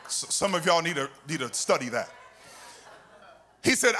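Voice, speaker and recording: A man preaching a sermon in an animated, sing-song way, now and then breaking into shouts. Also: fairly high pitch, moderate pace, pauses often. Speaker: pastor.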